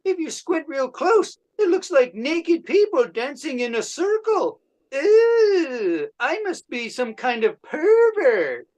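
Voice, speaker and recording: A man squeaks out a smug painter who leers at his own work. The voice is pitched very high and sing-song, delivered slowly over a video call. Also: very animated, darkish tone, full character voice. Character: giddy, leering male painter showing off.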